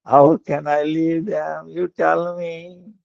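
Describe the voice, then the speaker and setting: A man voicing a saintly, compassionate king in a told story, with a gentle, pleading manner. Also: a little high, little pitch movement, slow pace, vocal fry, dry recording, voice pushed up. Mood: earnest. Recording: dull lo-fi dry recording.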